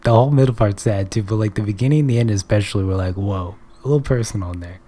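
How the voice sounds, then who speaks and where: A man's voice: on the low side, rapid-fire, dark tone. A young man talking to camera in a casual, rambling monologue, offhand and jokey, often trailing off and restarting, with some swearing. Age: young adult. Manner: profane. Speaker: vlogger.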